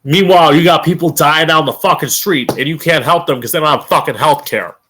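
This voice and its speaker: On his own stream show, a man with a slightly high, somewhat bright voice delivers a blunt, profane, sarcastic political rant over slight background noise. He's emphatic, drawing out key words for stress.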